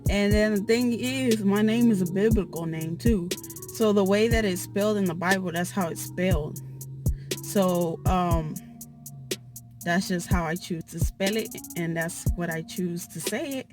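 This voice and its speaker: A woman's voice: mid-range voice, fairly even intonation, measured pace, music in the background. Chatty, exasperated woman vlogging from a car. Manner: chatty and exasperated, with many fillers. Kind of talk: casual storytelling to camera. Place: inside a car.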